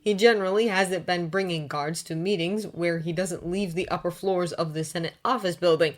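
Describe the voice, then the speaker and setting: A woman reads fanfiction aloud in a steady, unhurried narration. Her voice sits a little lower than most women's. She keeps an even reading pace.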